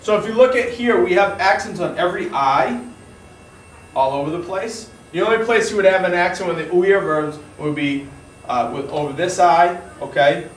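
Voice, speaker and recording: A man's voice: high-pitched, normal speed, slight background noise. A man teaching a grammar lesson in an informal style, explaining step by step with frequent restarts, recorded from a distance in a room. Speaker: Spanish teacher. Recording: echoey room, mic far off, faint ambience.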